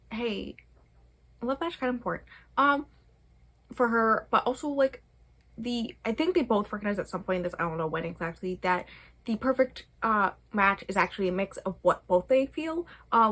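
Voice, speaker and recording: A woman's voice: on the high side, fairly bright tone. Chatty young woman reviewing books. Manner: rambling, chatty, many fillers, laughs often. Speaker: book vlogger. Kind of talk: casual book review vlog.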